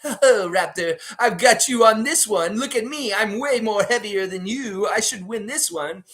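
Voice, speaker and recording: Man playing a smug heavyset costume guy, gloating, pitched up and loud. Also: a little slow. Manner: gloating, teasing.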